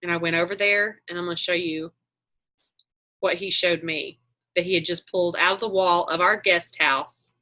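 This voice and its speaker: Chatty bright-voiced woman on a video call. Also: fairly low pitch, steady tone, normal speed. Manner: chatty, meandering, self-correcting. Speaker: online group leader. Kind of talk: casual chat on a video call.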